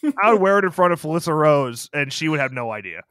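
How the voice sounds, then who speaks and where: Young man, podcast co-host, laid-back, swears casually, slightly high voice. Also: very animated, fast talker, fairly bright tone, no echo, studio quality. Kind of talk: casual film review chat.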